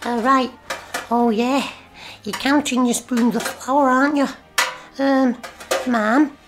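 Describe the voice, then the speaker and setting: A woman's voice: high-pitched, steady tone, takes it slowly, over music. A woman playing a cheeky, eager young boy in a radio play. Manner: chirpy, eager, questioning.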